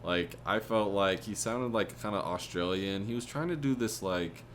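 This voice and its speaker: A podcast co-host with a fairly low voice gives his take on a film at a moderate pace, amid slight background noise. It's a casual movie review chat, and he rambles and hesitates with many fillers.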